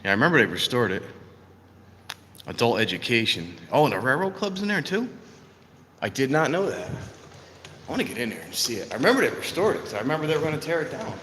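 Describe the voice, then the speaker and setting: A man's voice: medium pitch, very animated, quick pace, long pauses, a bit bright, a little hiss or hum. Breathless man live-streaming outdoors. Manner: chatty, talks to viewers between trains. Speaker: livestreamer filming trains. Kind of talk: casual live-stream commentary. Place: outdoor train station platform and footbridge in rain.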